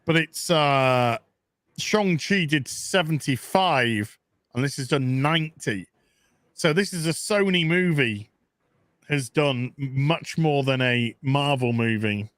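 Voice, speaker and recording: A man's voice: medium pitch, slow pace, fairly bright tone, dry recording. A man joining a live stream as a guest, bantering playfully and joking about comics and food. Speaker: guest co-host. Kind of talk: casual chat on a live stream.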